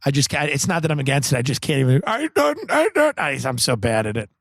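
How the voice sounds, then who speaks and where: A man's voice: mid-range voice, quick pace, no room sound, studio quality. A man, a comedian riffing through a rambling, sardonic podcast monologue. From Long Island, US. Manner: rambling, sardonic, deadpan absurd.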